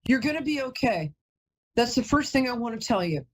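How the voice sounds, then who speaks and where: Husky chatty woman psychic. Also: fairly high pitch, sing-song, fairly quick, poor audio. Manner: chatty, emotional, often breaks off and apologizes. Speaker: psychic medium host. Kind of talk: live call-in psychic reading.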